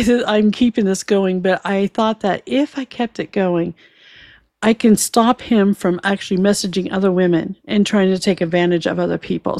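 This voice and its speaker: A woman's voice: medium pitch, darkish tone, no room sound, studio quality. A woman casually telling a personal story, swearing freely, laughing often and acting out both sides of a conversation.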